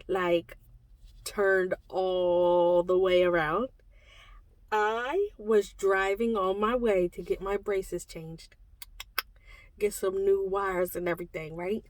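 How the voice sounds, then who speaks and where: A young woman from Delaware chatting to camera as a book vlogger, animated and exclaiming as she tells a story. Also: medium pitch, dry recording.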